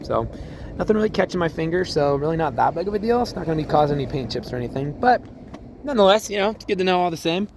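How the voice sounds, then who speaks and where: Chatty, slightly hoarse car salesman outdoors. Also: a little high, lively intonation, rapid-fire, noisy background. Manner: chatty, upbeat, laughs often. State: voice a bit hoarse. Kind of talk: casual vehicle walkthrough. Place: outdoors on a car lot in cold weather.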